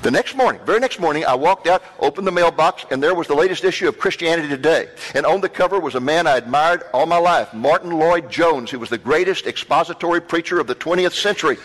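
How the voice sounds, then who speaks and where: A man preaching a storytelling sermon, animated, repeating words for emphasis. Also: a little high, fast talker, few pauses. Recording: long hall reverb.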